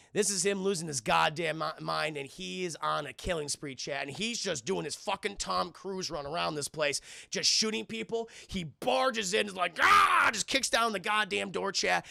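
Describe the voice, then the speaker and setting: A man with a gravelly, fry-laden voice that sits high for a man, recapping an action movie scene by scene for his live chat. He swears constantly, keeps calling out to the chat and jumps into short acted bits of dialogue. His tone is bright and sharp, and the sound is dry and close. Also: no room sound. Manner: profane, keeps addressing the chat, acts out movie lines. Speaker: film reviewer and streamer. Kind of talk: casual scene-by-scene film recap.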